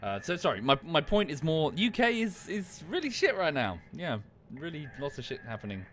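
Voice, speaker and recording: A man's voice: a little high, wildly swooping pitch, moderate pace, a bit bright. A British man streaming a game, talking casually while he plays and rambling with lots of swearing and restarts. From United Kingdom. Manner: rambling, sweary, self-interrupting. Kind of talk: casual gameplay commentary and chat. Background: music.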